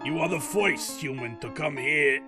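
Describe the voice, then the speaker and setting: A man voicing a gentle, motherly caretaker woman, over loud game music. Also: a little high, close to an everyday voice. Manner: slow, soft, motherly.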